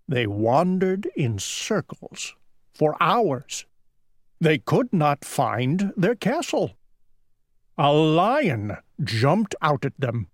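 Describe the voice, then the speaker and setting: Very slow, lively-toned story narrator. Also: medium pitch, no echo, clean studio sound. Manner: slow, deliberate reading. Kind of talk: children's story reading.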